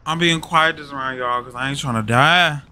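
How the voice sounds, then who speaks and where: A man chatting excitedly while playing a game with friends, slangy and full of dramatic reactions. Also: mid-range voice, moderate pace, smooth. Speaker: fellow player. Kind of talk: casual gaming chat.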